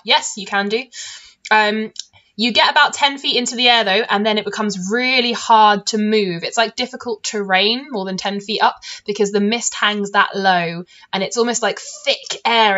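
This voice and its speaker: A woman's voice: mid-range voice, moderate pace, pushed and bright. A woman from the United Kingdom running a tabletop game as game master, explaining rules plainly and in a friendly way. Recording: slightly dull mic with faint noise.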